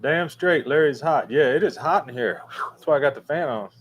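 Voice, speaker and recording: A man's voice: fairly high pitch, animated, fairly quick. A man hosting a casual livestream, reading chat and rambling with many fillers and restarts. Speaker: livestream host answering chat. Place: room with a fan running.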